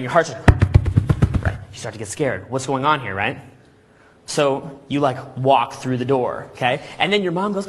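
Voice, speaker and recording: A man giving a live seminar lecture to a room of people, energetic and full of rhetorical questions and "okay?" checks, acting out scenes as he tells them. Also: on the high side, slightly rough. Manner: acts out scenes with vivid storytelling. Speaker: seminar speaker.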